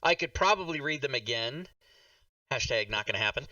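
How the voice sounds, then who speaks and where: A man's voice: mid-range voice, lively intonation, a little fast, a crowd in the background. A man in his forties hosting a casual livestream chat, rambling and interrupting himself. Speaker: host. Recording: dull, slightly distant mic.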